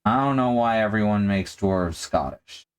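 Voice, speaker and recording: A man's voice: on the low side, normal speed, smooth. A man hosting a live stream, chatting casually and joking as he thinks aloud while painting miniatures.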